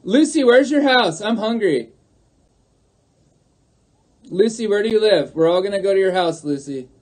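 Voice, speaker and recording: A man with a high, expressive voice talks to his chat on a livestream at normal speed. He argues in a mocking, sarcastic way and keeps repeating his points.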